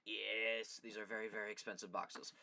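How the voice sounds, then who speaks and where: A man's voice: lowish voice, little pitch movement, moderate pace, creaky, bright, forceful tone, slight background noise. A young man hosting a casual beading lesson, rambling and chatty with a self-deprecating streak. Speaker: beading tutorial host. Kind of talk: casual livestream craft lesson.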